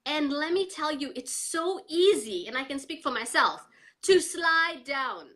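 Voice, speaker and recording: A woman's voice: high voice, measured pace. A middle-aged woman, a guest on a live interview, talking emphatically and energetically about mindset and coaching. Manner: energetic, emphatic motivational talk.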